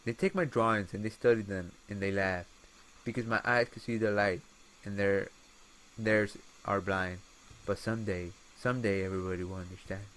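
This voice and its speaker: A man's voice: fairly low pitch, fairly even intonation, moderate pace, natural voice, rough recording. A man voicing an eccentric male artist committed to an asylum, musing dreamily in an attempted British accent. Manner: musing, dreamy, softly intense.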